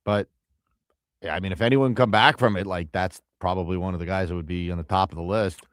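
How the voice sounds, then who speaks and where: A man's voice: deep voice, steady tone, fast talker, dry recording, clean studio sound. A man cohosting sports radio, teasing his partner in easy banter. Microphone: studio microphone.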